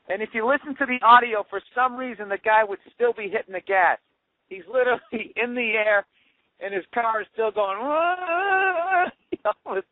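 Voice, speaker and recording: Man, podcast host, profane rambling rant, driving in a car, high-pitched, dry tinny phone-line audio. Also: no room sound. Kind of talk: casual comedic monologue.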